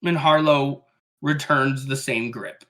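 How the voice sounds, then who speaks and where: Tabletop player, slow and descriptive. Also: medium pitch, steady tone, fairly bright tone, poor audio. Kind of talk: casual tabletop play.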